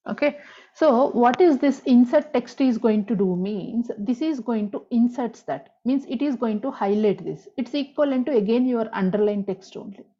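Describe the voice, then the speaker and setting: A woman teaches a screen-recorded coding lesson as a programming tutor, explaining step by step, spelling out tag names and repeating key points. Her voice is a little high and warm at normal speed, and the audio is dull and lo-fi.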